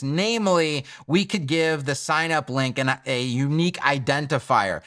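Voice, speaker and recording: A man walks through a coding tutorial in an informal, excitable way, tossing in jokes and emphatic asides. His voice is bright and forward and sits a little high. He talks straight to the viewer as he works at his computer. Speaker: web design instructor. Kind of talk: screen-recorded coding tutorial.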